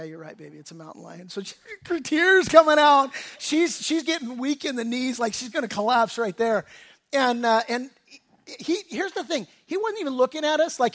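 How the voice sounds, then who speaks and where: A male pastor whose voice sits high delivers a lively, conversational sermon, spinning stories full of quick asides and laughter and frequently restarting words.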